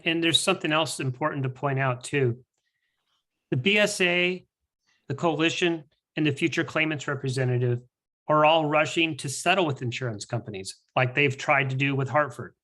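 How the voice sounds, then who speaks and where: A man on a town hall panel lays out a point earnestly. His voice is fairly high and bright, with a forceful edge. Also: moderate pace.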